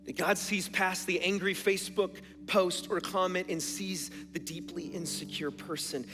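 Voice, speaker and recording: A man preaching a sermon in a church auditorium, earnest, swinging between hushed moments and emphatic bursts. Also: sits high, fairly even intonation, a little slow, hardly any pauses. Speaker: pastor. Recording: long hall reverb with faint music.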